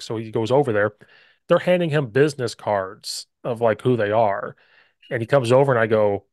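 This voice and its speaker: This podcast host has a lowish voice and talks a little fast, telling stories and acting out what others said during casual football chat. He comes across as an animated storyteller, and the recording is dry and studio quality.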